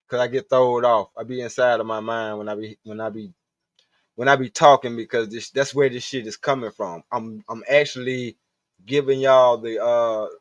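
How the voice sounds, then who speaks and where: A man's voice: mid-range voice, no room sound. A man hosting a live stream, rambling casually and profanely while he talks to his chat. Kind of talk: casual livestream monologue. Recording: dull, dry lo-fi stream audio.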